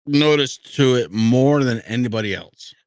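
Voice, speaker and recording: A man's voice: mid-range voice, moderate pace, no echo. A man co-hosting a casual livestream chat, boisterous and teasing while drinking on air, with the hiccups. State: has the hiccups. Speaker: show co-host.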